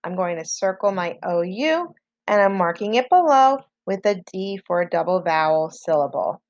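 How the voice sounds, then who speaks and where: A woman teacher leads a slow, patient spelling lesson for children, sounding out letters one at a time. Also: lowish voice, expressive, no echo, dull audio. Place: home, online lesson.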